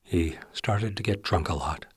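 A man reads literary fiction aloud with a wry, intimate touch. His voice sits low and carries a husky grain. The recording is dry, with no room sound. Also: a little slow, dry recording. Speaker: narrator. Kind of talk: audiobook narration of literary fiction.

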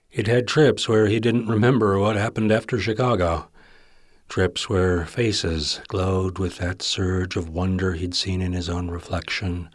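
A male narrator reads literary fiction for an audiobook, bringing a wry, intimate touch. His low voice has a husky grain. The recording is dry, with no room sound and no echo.

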